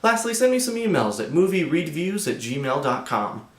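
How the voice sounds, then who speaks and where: A man's voice: a little high, very animated, moderate pace, roomy sound. A young man hosting a casual movie review, chatty and loose with lots of fillers.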